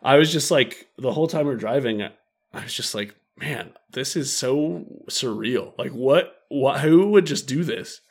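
A man's voice: medium pitch, normal speed, husky. A young man co-hosting a podcast, telling a story in casual chat, acting out quotes and laughing often. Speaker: podcast co-host.

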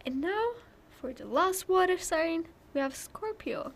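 Young woman cohosting a chatty podcast, high voice, takes her time, laughs at her own slips. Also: expressive, unhurried, creaky. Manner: giggly, loses her place while reading lists. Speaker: podcast co-host. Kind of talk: casual chat.

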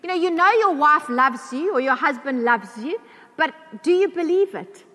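A woman's voice: high-pitched, animated, normal speed, pushed and bright. A woman preacher giving a sermon to a church congregation, emphatic, asking the congregation questions. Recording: long reverb of a large hall.

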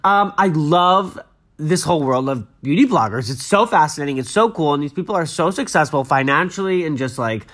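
Fast, animated young man chatting. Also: on the high side. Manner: chatty, gushing and dramatic. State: a little stuffy. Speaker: podcast host. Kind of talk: casual chat and reading news aloud.

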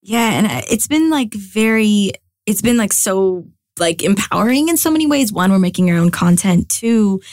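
On a podcast, a young American comedian and actress chats at mid pitch in a dry recording. Appearing as a guest in a casual interview, she's animated and talkative, restarting quickly and filling gaps with filler words.

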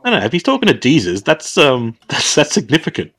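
A man's voice: fairly high pitch, wildly swooping pitch, a little fast, fairly bright tone, breathy edge. A man with an Australian accent making wry, joking commentary over a movie. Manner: wry, laughing asides.

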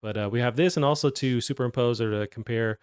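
A man's voice: mid-range voice, fast talker, clean tone, dry recording, studio quality. A man hosting a gaming news show, talking in a loose, rambling way with many fillers. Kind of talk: casual gaming news chat.

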